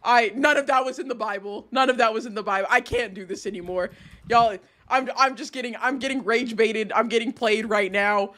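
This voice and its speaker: A livestreamer chatting casually with viewers, excitable and exasperated, dropping to low mutters and then jumping to high outbursts. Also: brisk.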